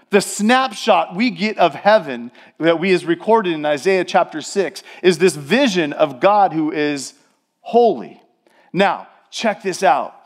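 Male pastor, high-pitched, emphatic sermon delivery, talks straight to the congregation. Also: lively intonation. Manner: emphatic preaching, slows and stresses repeated words; addresses the congregation directly.

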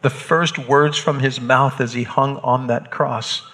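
A man acting a hardened Roman centurion shaken by an execution, talking haltingly and repeating words, in a church drama. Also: medium pitch, fairly even intonation, a bit bright, in a large hall. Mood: grave, shaken.

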